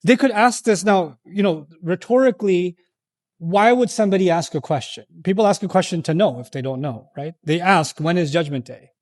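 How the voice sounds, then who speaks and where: High-voiced animated male lecturer. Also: moderate pace. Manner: animated, acts out quoted voices and asks rhetorical questions. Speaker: Islamic lecturer. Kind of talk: lecture on Quran verses to a live audience.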